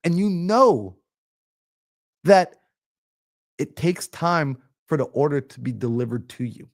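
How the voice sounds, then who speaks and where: A man coaching on a live stream, energetic and preachy, acting out little everyday scenes. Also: on the high side, slow pace. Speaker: mindset coach. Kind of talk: motivational live-stream talk.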